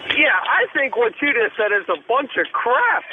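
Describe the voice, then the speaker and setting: Male caller, very high voice, indignant and blunt; thin phone line with faint hiss. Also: sing-song, moderate pace.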